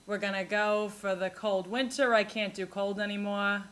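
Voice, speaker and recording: A woman's voice: mid-range voice, level tone, normal speed, fairly bright tone, close to an everyday voice. A woman voicing an older Long Island grandmother who complains, with a Long Island accent, as a comic impression. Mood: kvetching. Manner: kvetching, emphatic, repetitive. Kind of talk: comedic impression in a podcast monologue.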